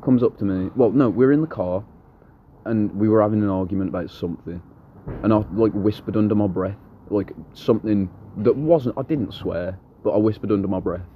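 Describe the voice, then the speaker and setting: Blunt, very low-voiced young man. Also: fairly quick, narrow, tinny audio, slight background noise. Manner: blunt, swears freely, rambling anecdotes. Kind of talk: casual chat.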